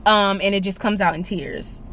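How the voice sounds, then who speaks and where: Brief: young woman vlogger, everyday mid pitch, chatty aside talk filmed on a phone in her car. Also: normal speed, slight background noise. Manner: chatty and animated, says "like" a lot. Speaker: lifestyle vlogger. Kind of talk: casual vlog chat. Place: in her car, then out on a walk.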